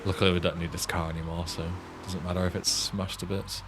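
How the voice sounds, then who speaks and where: A man's voice: low voice, little pitch movement, quick pace, noisy background. A young man from northern England with a northern English accent, streaming a game and bantering with chat in a dry, sarcastic, sweary way. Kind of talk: casual gameplay commentary.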